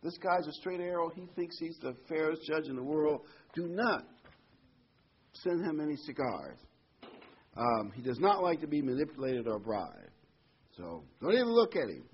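A frantic, high-pitched male lawyer who piles warning on warning, as a man puts him on. His voice jumps far above the speaker's own register and stays tight with alarm. The sound is dull and lo-fi. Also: very animated, moderate pace, husky, exaggerated voice. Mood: alarmed, urgent. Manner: insistent, repeating warnings. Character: anxious male lawyer pleading urgently. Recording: dull lo-fi recording.

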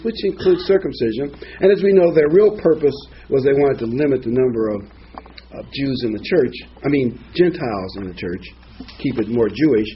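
A man's voice: medium pitch, lively intonation, moderate pace. Guy preaching a bible lesson, wanders off on tangents, muffled lo-fi sound, faint hiss. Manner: rambling, digressive, many asides and fillers. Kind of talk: informal Bible teaching.

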